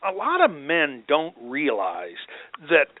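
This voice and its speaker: A man, a doctor as a podcast guest, answering in an animated, storytelling way and acting out quoted voices. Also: fairly high pitch, takes it slowly, no echo. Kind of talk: conversational interview answers. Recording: phone-like dry remote line.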